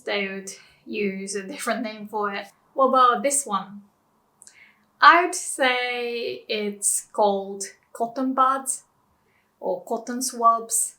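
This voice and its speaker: A woman's voice: medium pitch, bright, forceful tone. A young woman with a Japanese accent teaching a casual language lesson, chatty and giggling often between words.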